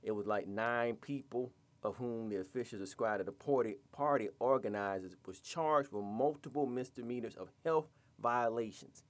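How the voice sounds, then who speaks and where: A man's voice: medium pitch, normal speed, hardly any pauses. A man hosting a podcast, ranting in a blunt, profane, scolding way. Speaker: podcast host. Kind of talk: podcast rant.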